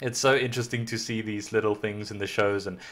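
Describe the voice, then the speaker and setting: A man's voice: fairly low pitch, fairly even intonation, a little fast, a bit bright. Enthusiastic man reacting to a video. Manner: enthusiastic, rambling, repeats himself. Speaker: reaction channel host. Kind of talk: casual reaction commentary.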